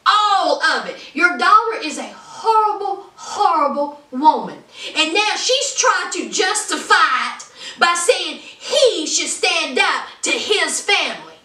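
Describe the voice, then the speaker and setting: A woman's voice: very high-pitched, sing-song, takes it slowly, bright, forceful tone, far from the mic. A woman reviewing a reality TV show in a casual vlog, ranting with emphasis and calling her viewers honey. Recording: roomy sound from off the mic.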